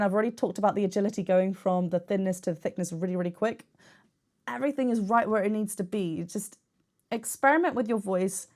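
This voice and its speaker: A woman's voice: mid-range voice, a little mellow. A young woman, a vocal coach, chatting enthusiastically while she reacts to and analyses a singer's technique.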